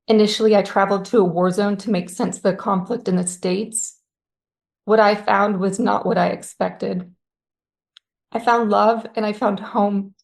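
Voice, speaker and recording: A woman reads aloud from her reflective essay in a slow, solemn and lyrical way. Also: medium pitch, creaky, a little mellow. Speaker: essay author reading aloud.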